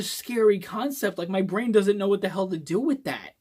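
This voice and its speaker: Male vlogger, casual phone-recorded book review, excitable and profane, rambling delivery. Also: high voice, normal speed, a little hiss or hum. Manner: rambling, swears often, excitable.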